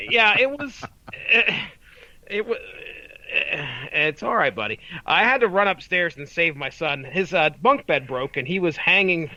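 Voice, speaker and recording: A man's voice: fairly high pitch, bright, forceful tone, highs cut off. A man in his thirties co-hosting a podcast in casual chat, rambling with restarts and frequent laughter. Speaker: podcast co-host.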